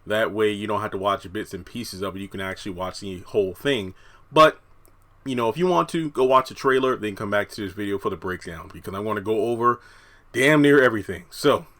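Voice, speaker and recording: Brisk and fairly bright, this low-voiced TV review YouTuber chats his way through rambling commentary packed with fillers. The room is hot, the fans are off, and he sounds a bit winded.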